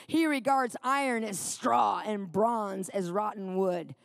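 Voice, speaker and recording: A woman's voice: medium pitch, takes it slowly, creaky, few pauses, no echo, studio quality. A middle-aged woman preaching a sermon, telling a personal story and reading scripture with dramatic emphasis, often checking in with her listeners. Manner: animated, questioning the audience, dramatic scripture reading.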